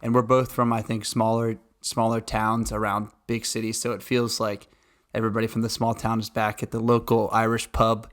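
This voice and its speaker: A man's voice: on the low side, completely flat delivery, normal speed. A young man co-hosting a podcast who keeps asking questions and chuckles often. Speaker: podcast co-host. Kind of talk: casual podcast chat.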